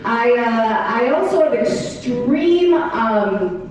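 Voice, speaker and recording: A woman's voice: fairly high pitch, animated, extremely slow, darkish tone, a little hiss or hum. A woman performing a stand-up comedy set, telling wry stories and acting out short quotes, heard from far off in an echoey live room.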